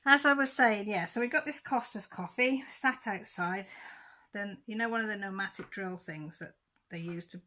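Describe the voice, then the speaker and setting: A woman's voice: medium pitch, normal speed, pushed and bright, slight background noise. A middle-aged woman chatting casually to camera, rambling and correcting herself as she goes. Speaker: crafting vlogger.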